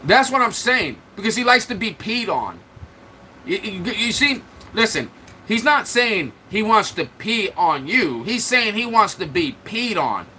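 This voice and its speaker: High, lively man roasting his chat. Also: slight background noise, poor audio. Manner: trash-talking, roasting commenters. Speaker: livestream host. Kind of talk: mocking live-chat banter.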